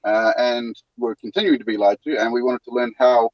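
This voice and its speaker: A man's voice: mid-range voice, steady tone, dry recording. Earnest New Zealand man on a muffled stream. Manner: earnest, halting with restarts. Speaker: guest, news show co-host. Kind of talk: casual interview talk. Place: in a van.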